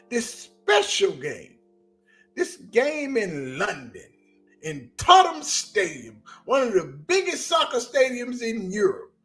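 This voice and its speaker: A man with a Southern US accent giving a casual, animated sports commentary on a livestream, telling stories in slang. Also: extremely high pitch.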